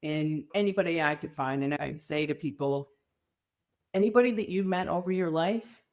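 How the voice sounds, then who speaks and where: A middle-aged woman, a podcast guest, telling her story candidly in an animated, emphatic way. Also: low voice, moderate pace. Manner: animated, emphatic, acts out quoted people.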